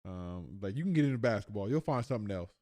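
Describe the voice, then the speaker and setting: A man's voice: lowish voice, lively intonation, fast talker, mellow, no room sound, studio quality. A young man giving loose, joking commentary on a live stream as he reacts to a talk. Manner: loose, joking asides with slang.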